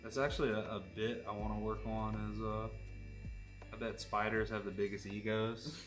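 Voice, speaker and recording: A man's voice: fairly low pitch, flat delivery, moderate pace, faint music behind. A man chatting casually while he tattoos, rambling and joking with lots of fillers. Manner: rambling, jokey storytelling with many fillers. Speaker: tattoo artist. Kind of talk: casual chat while working.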